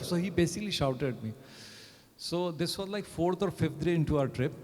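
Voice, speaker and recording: A man tells stories in a relaxed, chatty way, checking in with "right?" between thoughts. His voice sits a little high for a man. The sound carries the long reverb of a big event hall. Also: a little fast. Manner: chatty, tags sentences with "right?". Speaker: panel guest. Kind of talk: anecdotal storytelling.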